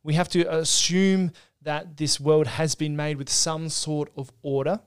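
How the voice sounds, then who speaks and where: A man's voice: fairly high pitch, level tone, a little slow, clean tone. A man co-hosting a podcast, earnestly explaining theology in casual discussion with frequent restarts. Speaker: podcast co-host.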